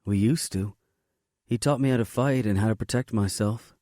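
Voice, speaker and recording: Brief: a man voicing a sarcastic tough biker woman, pitched up and blunt, dry studio sound. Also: moderate pace, dark tone, no room sound, natural voice. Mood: sharp. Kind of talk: audiobook character voice.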